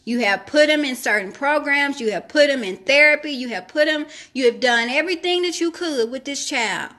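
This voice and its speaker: With a high-pitched, bright, forceful tone, an animated woman speaks at a moderate pace. She delivers devotional teaching in sermon style, reading scripture and commenting on it while repeating phrases to urge listeners to trust God.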